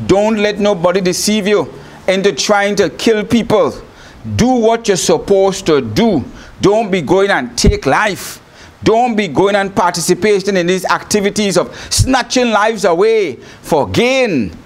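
Male bishop, Trinidad and Tobago accent, high-pitched, lively storytelling sermon. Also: a little slow. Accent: Trinidad and Tobago English. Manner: animated storytelling, laughing often. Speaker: bishop, preacher. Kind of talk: sermon broadcast.

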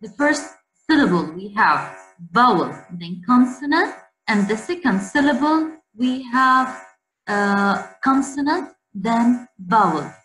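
A woman teacher giving a slow spelling lesson to children, repeating words so pupils can say them after her. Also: on the high side, animated, fairly bright tone, faint music behind. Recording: echoey room with faint hum.

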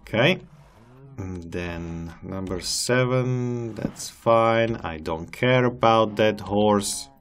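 A man's voice: fairly low pitch, takes it slowly. A man giving casual gameplay commentary as a channel host, chatty and amused as he coaxes animals along.

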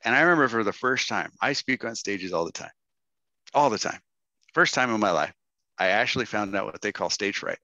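A man's voice: lowish voice, lively intonation, fairly quick, pushed and bright, dry recording, highs cut off. A man telling a casual, joking story to an online workshop audience. He often tags lines with "right?" and "dude" and acts out other people's words. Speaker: guest speaker at an online workshop.

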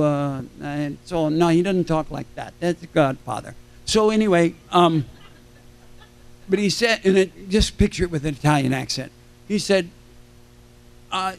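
An older man telling animated stories to a convention audience, acting out the voices of people he quotes. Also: fairly high pitch, unhurried, gravelly. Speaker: convention panel guest. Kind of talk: storytelling to a live audience. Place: convention stage.

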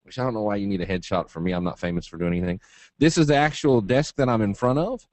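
A man's voice: lowish voice, fast talker, darkish tone, no echo. A man from Eastern Kentucky with a Southern drawl, presenting a live trading webinar in a folksy, joking, straight-talking way.

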